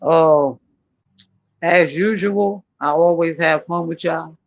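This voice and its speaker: A man's voice: fairly high pitch, slow, poor audio. Easygoing man in casual chat.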